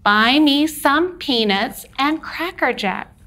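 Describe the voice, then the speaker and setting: Slow, patient woman teaching young children. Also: high-pitched, lively intonation, bright, forceful tone. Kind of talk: children's lesson.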